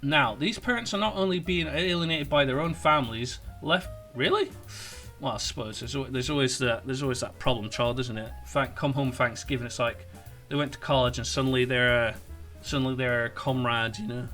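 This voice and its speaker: A man's voice: mid-range voice, brisk, sharp tone, faint music behind. Sarcastic man commentating. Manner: sarcastic, mocking, rambling. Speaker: political commentator. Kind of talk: online commentary video.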